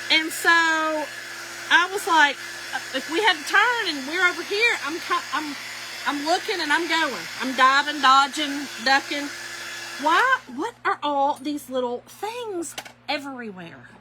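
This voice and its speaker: A woman telling stories to her viewers as she crafts, folksy and animated, calling them y'all. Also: high-pitched, background noise. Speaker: craft vlogger. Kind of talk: chatty storytelling while crafting.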